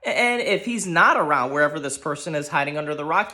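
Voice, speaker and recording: A man ranting about his football team, heated and profane, exasperated, shouting at times. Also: on the high side, sing-song, brisk, hardly any pauses. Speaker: sports fan ranting on his channel. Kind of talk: angry solo sports rant.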